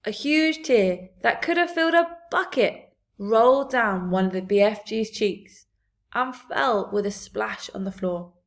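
A woman narrating a children's book aloud in a clear, steady storytelling voice. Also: mid-range voice, measured pace.

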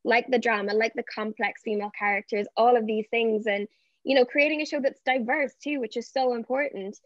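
A woman's voice: a little high, fairly even intonation, brisk, no room sound. A woman being interviewed as an actress over a video call, answering fluently and reflectively. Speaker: actress guest. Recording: dull lo-fi, dry.

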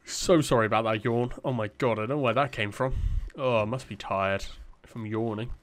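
Speaking a little fast in a steady, medium-pitched tone, a young gameplay commentator narrates a casual let's-play. He rambles, teases himself, and sprinkles in many fillers.

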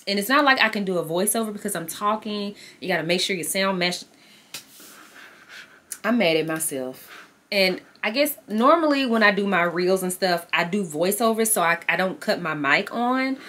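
A woman's voice: medium pitch, lively intonation, normal speed, a bit bright. A woman vlogging casually to camera, chatting with her viewers as "y'all" and talking herself through her frustrations. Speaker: lifestyle vlogger.

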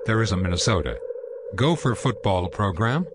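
A man's voice: lowish voice, animated, normal speed, very noisy. A man co-hosting a comedic sports show with a dry, mock-serious delivery. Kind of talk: jokey scripted banter.

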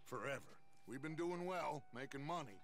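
An actor playing a gravelly outlaw leader, Dutch. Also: male voice, mid-range voice, lively intonation, moderate pace, close to an everyday voice. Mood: persuasive. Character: charismatic middle-aged outlaw gang leader. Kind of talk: video game dialogue.

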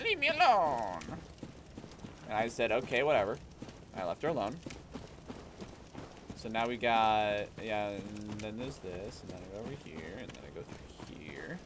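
Excitable swearing male game streamer. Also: lowish voice, background noise. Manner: excitable, swears and shouts at enemies. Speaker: gaming streamer. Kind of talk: live gameplay commentary.

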